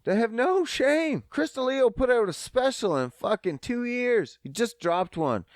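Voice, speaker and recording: Man, young, solo podcast host, swearing, rambling, lively swooping voice, dry close sound. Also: extremely high pitch, measured pace, dry recording. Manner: profane, rambling, self-mocking. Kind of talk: solo comedic podcast rant.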